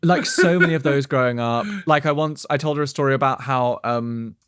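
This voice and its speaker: A man with a mid-pitched voice co-hosting a comedy podcast, giving listeners advice in a wry, dry way. The recording is close and dry, with no room sound. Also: brisk, fairly bright tone, clear, resonant tone, no echo. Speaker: podcast co-host. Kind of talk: casual comedic chat.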